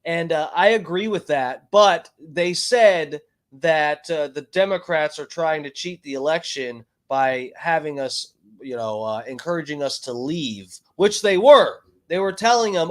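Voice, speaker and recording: A man's voice: fairly high pitch, lively intonation, a little slow. A man hosting a livestream, chatting casually and telling a story in a rambling, profane way with lots of fillers and restarts. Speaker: livestream host. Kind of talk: casual stream chat, storytelling.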